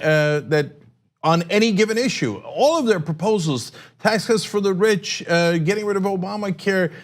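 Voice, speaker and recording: A man hosting political commentary, sarcastic and indignant. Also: high-pitched.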